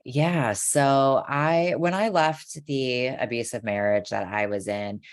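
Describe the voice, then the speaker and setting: An interview guest telling a personal story in a measured, reflective way. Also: medium pitch, clear, resonant tone, no echo, studio quality.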